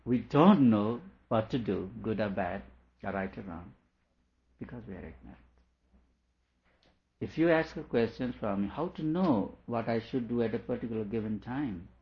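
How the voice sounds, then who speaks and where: Low-voiced man explaining scripture. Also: lively intonation, moderate pace. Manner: repeats questions aloud, then explains patiently. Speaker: teacher. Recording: dull lo-fi recording.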